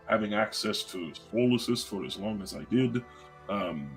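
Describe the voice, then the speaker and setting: A man role-playing his character at a tabletop game, speaking in a measured, formal, dry and hesitant way. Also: on the low side, expressive, vocal fry, soft background music.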